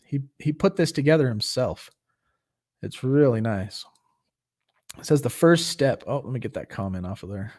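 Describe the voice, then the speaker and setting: A man's voice: mid-range voice, expressive, normal speed, pauses often, a little mellow. A man hosting a livestreamed recovery meeting, talking in an earnest, loose and conversational way and leading a short group prayer. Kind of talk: casual livestream meeting talk. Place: home, livestream.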